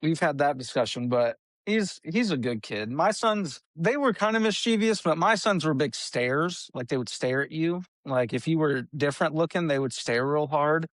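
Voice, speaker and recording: A man's voice: a little high, lively intonation, normal speed, hardly any pauses, fairly bright tone, no echo. A middle-aged man hosting a podcast, chatting casually and rambling with lots of restarts. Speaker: podcast host. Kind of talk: casual chat.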